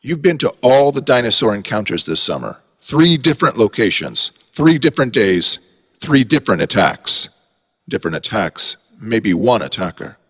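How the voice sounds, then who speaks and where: Man voicing a blunt male park vet, folksy, brusque, lively pitch, long reverb. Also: moderate pace. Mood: realizing.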